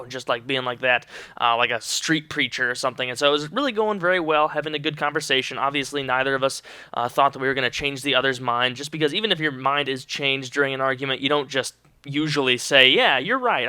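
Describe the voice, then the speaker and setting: Bright, crisp-voiced young man vlogging. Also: medium pitch, no echo. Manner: earnest, rambling, animated when quoting others. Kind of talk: casual monologue to camera.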